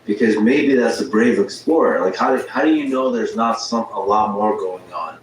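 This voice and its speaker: A man's voice: fairly low pitch, normal speed. A man hosting a casual interview, asking questions and musing aloud thoughtfully. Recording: distant mic in echoey room, faint noise.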